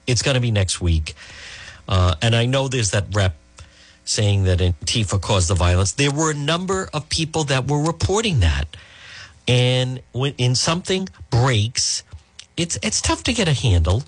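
A man's voice: medium pitch, husky, no echo. A man hosting a radio talk show, giving emphatic, conversational opinions with frequent fillers and restarts.

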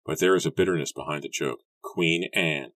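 A man narrates an audiobook in a calm, measured way. His voice is strikingly deep, and the recording is dry and close with no room sound. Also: no echo. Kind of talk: scripted narration.

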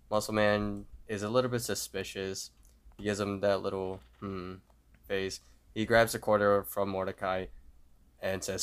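Low-voiced man recapping a cartoon episode. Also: little pitch movement, moderate pace, smooth. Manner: retells scenes, acting out quotes loudly. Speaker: podcast co-host.

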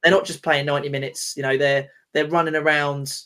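Bloke on a footy podcast, fed up and sweary, voice sits a bit high. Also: male voice, little pitch movement, a little fast, pushed and bright. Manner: heated, swearing, exasperated. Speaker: podcast co-host. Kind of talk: casual football chat.

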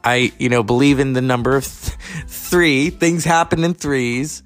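A man's voice: medium pitch, unhurried, faint music behind. A man from California hosting his own podcast, rambling through stories with profane, chatty asides. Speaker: podcast host. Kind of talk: casual monologue.

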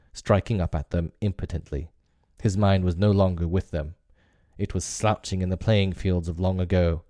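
A man with a very low, mellow voice reads a classic story aloud. His narration is measured and expressive, recorded dry and close with no room sound. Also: dry recording.

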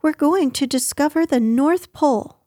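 A woman's voice: sits high, moderate pace, dark tone, no echo, clean studio sound, voice pushed up, close to an everyday voice. A woman voicing a cheerful, slightly bossy young boy leading his friends. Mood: confident.

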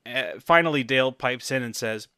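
A man narrates an improvised comedy scene in a bright, sharp voice. He talks loosely and casually, with plenty of fillers. The sound is dry and close. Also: medium pitch, moderate pace, smooth, no echo.

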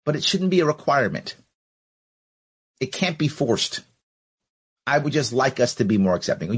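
Husky, lively-voiced man arguing a point. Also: mid-range voice, normal speed, pauses often. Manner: argumentative, rhetorical questions, acts out both sides. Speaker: podcast host. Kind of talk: live podcast commentary reading listener comments.

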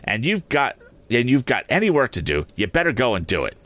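A man voicing a bad-tempered, harsh elder sister who talks in a sharp, scolding way. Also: lowish voice, wildly swooping pitch, fast, heavily acted. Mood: scornful.

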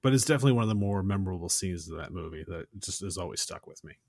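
Low guy on a movie podcast retelling a scene, dry close sound, acts out the lines. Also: expressive, racing, vocal fry, darkish tone, no room sound. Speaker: podcast co-host. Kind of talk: casual movie recap.

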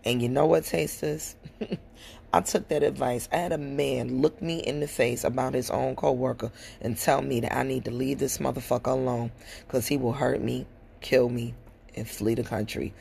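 A woman's voice: a bass voice, steady tone, normal speed, gravelly, darkish tone, slight background noise. A woman hosting a podcast, telling a personal story bluntly and with frank profanity. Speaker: podcast host. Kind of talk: casual storytelling monologue.

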